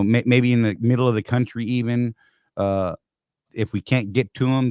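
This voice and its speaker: A man co-hosts a casual live-stream chat, rambling through stories and often restarting his sentences. His voice is fairly low in pitch, recorded at studio quality with no room sound.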